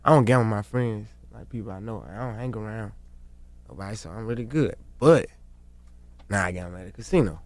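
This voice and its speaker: A man with a lowish voice answers interview questions in relaxed, slangy talk. His voice sounds dry and close. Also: brisk, no room sound. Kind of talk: street interview.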